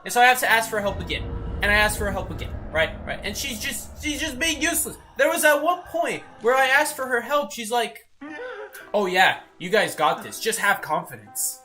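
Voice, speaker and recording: A young adult game streamer telling stories in casual chat, animated and often asking "right?". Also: mid-range voice, a little fast, faint music behind. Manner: animated storyteller, tags lines with "right?". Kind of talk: casual chat while gaming.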